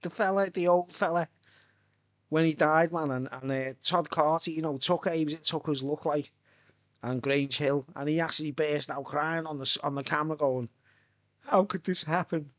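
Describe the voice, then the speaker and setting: A man's voice: on the high side, fairly even intonation, moderate pace, dry recording. Rambling man, dry sound. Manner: rambling, chuckling between thoughts. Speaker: live streamer. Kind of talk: casual live-stream chat.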